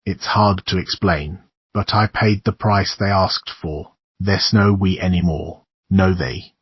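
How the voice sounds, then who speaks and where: A man reads a young woman with an otherworldly coldness, coaxing and eerily calm. The voice sits low and husky, his own, in a dry, dull recording. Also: unhurried, no echo. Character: young woman, cold otherworldly sister, calculating.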